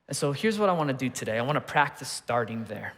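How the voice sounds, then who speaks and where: Pastor preaching with hall reverb. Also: male voice, medium pitch, sing-song, fast talker, fairly bright tone. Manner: conversational storytelling with rhetorical questions. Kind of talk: sermon. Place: church auditorium.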